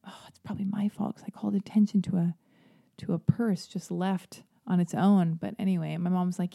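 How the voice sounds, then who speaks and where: A woman hosting her own podcast, rambling through a story in a self-deprecating way and jumping into high, animated voices when she quotes people. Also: quick pace, vocal fry. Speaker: podcast host. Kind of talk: casual solo podcast monologue.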